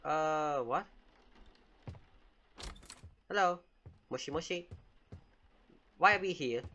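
A man's voice: a little high, sharp tone. A man giving jokey, casual commentary while playing a game and talking back to it with frequent exclamations. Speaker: gamer.

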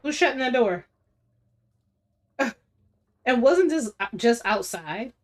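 A woman's voice: fairly high pitch, expressive, slow. Chatty woman streamer narrating her game, talking to the viewers. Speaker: gaming streamer. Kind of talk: casual gameplay commentary.

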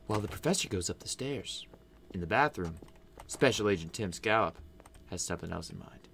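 A woman narrating a doll play story in a quiet, low voice. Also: animated, fairly quick, vocal fry, slight background noise.

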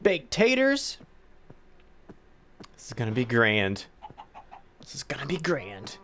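A let's-play gamer gives casual commentary slowly in a medium-pitched voice, with slight background noise. Excitable, they talk playfully to a pet pig, hum along, and squeal and gasp in alarm.

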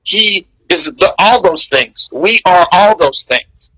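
Guy in his 60s telling stories, high bright voice, dry close sound, animated. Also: slow pace, no echo, rough recording. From American South. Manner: animated, candid, laughs between memories. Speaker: interview guest. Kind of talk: storytelling in casual interview.

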